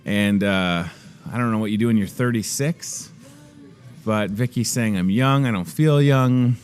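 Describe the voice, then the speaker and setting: A man in his thirties hosts a casual in-store show, joking about himself and chatting easily with his guest. His voice sits fairly low, and faint music plays behind him in the store. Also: a little slow, darkish tone. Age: 30s. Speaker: host. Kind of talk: casual live store segment and interview. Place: inside a grocery store.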